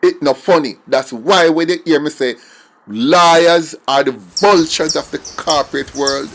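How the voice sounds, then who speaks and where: A man's voice: a little high, unhurried, background noise. A middle-aged Jamaican man giving an emphatic, indignant opinion monologue and slipping between English and patois. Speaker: commentator.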